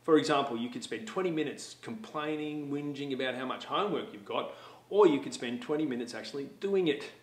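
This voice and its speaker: A man's voice: mid-range voice, fairly quick. A middle-aged man, talking to students about attitude and telling stories. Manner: storytelling, acts out voices. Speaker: motivational speaker for schools. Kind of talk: talk to students. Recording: echoey room.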